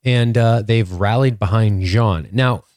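A man's voice: fairly low pitch, darkish tone, no echo, studio quality. Jokey man in casual recap chat. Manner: jokey, laughs often, quick asides. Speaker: podcast co-host.

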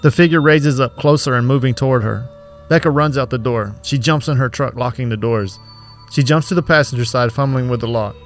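Male narrator, scripted horror read, steady, faint music bed. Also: medium pitch, brisk.

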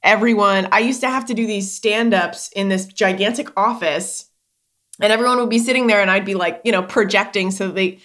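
A woman's voice: medium pitch, fairly quick, fairly bright tone. A woman with a Canadian accent, co-hosting a casual podcast. She is chatty and laughs easily, with vowels that slip into Canadian sounds. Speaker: podcast co-host. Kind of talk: casual chat.

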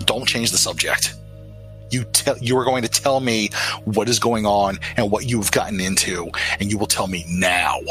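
A man's voice: lowish voice, moderate pace, sharp tone, faint music behind, rough recording. Man playing an angry, protective military dad. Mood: stern. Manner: ranting, stammering when mad.

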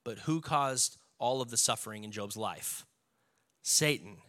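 A male pastor preaching a sermon with animated delivery, acting out the voices of the people he quotes. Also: medium pitch, unhurried.

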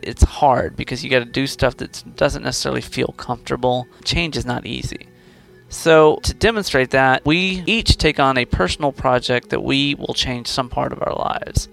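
A man's voice: mid-range voice, gravelly, fairly bright tone. A man hosting a conversational interview, coaching a student with encouraging, playful, probing questions.

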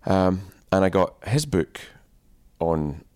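Very deep-voiced male podcast host. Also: expressive, a little mellow, no echo, clean studio sound. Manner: halting, restarting questions. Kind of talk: interviewing.

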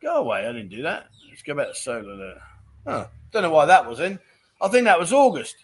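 A man's voice: on the high side, huge pitch swings, brisk, breathy edge. A middle-aged man hosts a casual livestream chat show, reading out viewer comments and chatting in a jokey way. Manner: chatty and jokey, with frequent "mate" and "um".

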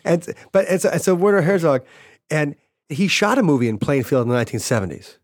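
A man's voice: fairly high pitch, animated, fast, no echo. Man casually retelling a story, dry sound. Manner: retells events loosely, paraphrasing quotes with "he's like". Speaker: podcast host.

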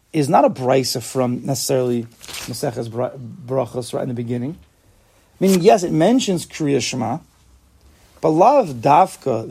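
A man's voice: mid-range voice, creaky, a little mellow, husky. A man teaching an informal Talmud class, explaining step by step and asking and answering his own questions.

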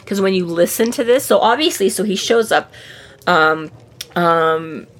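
A woman's voice: on the low side, lively intonation, a little slow. A woman hosting a podcast in casual book-discussion chat. She rambles with many fillers and restarts, swears freely, and acts out the characters' lines. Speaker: podcast host.

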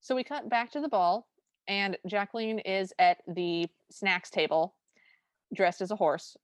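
A woman's voice: mid-range voice, unhurried, no room sound. A woman co-hosting a podcast, recapping a favorite film in an enthusiastic, chatty way. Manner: chatty, enthusiastic, recounting scenes. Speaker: podcast co-host. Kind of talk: casual movie recap chat.

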